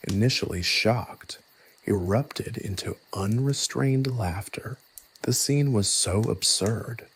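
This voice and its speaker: A man narrating a scripted story in a soft, hushed, evenly paced reading voice. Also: fairly low pitch, a little hiss or hum.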